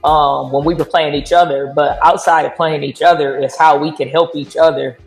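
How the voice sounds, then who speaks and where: A woman's voice: sits low, steady tone, normal speed, faint music behind. A woman basketball coach, talking easily in a casual interview. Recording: echoey room.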